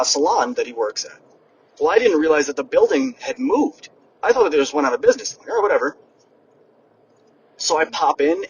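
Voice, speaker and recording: A young man hosting a podcast and giving a lively motivational monologue, speaking straight to his listeners. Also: a little high. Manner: energetic, addresses listeners directly. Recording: distant mic with background noise, poor audio.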